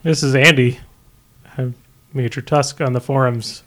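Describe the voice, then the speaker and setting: A man's voice: mid-range voice, steady tone, unhurried, a bit bright. A man on a gaming podcast in casual chat, making wry, laughing asides.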